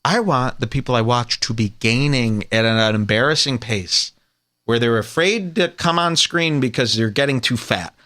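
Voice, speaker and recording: A man's voice: mid-range voice, moderate pace, bright, forceful tone. A man hosting a comedy podcast, ranting in a sarcastic, profane, mock-outraged way. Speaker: podcast host.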